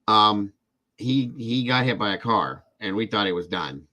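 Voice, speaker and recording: A man with a fairly low voice, lively intonation, and a bright, forceful tone hosts a live true-crime show at a measured pace. His long personal story is casual and rambling, full of repetition, and aimed straight at viewers in chat.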